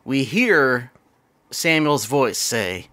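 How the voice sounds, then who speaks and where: A podcast co-host recaps a horror film in casual chat. His voice is bright and forward, at an ordinary pitch for a man. He jumps into quick character voices while he retells scenes. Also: very animated. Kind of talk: casual movie review chat.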